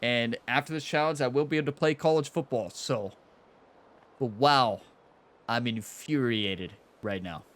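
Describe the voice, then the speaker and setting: A young man hosting his own golf video game channel, chatting casually over gameplay, laughing often and swinging between frustration and excitement. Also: mid-range voice, unhurried. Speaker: gaming channel host.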